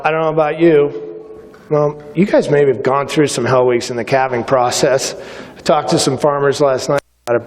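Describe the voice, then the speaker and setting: A middle-aged man giving a motivational speech, telling stories and acting out the dialogue with lively energy. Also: on the high side. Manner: animated storyteller acting out dialogue. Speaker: keynote speaker. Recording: reverberant hall.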